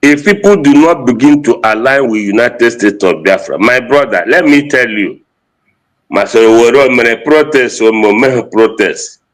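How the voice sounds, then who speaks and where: A man's voice: mid-range voice, animated, normal speed, poor audio. A man with a Nigerian Igbo accent giving an impassioned political address, mixing English and Igbo and repeating phrases for emphasis.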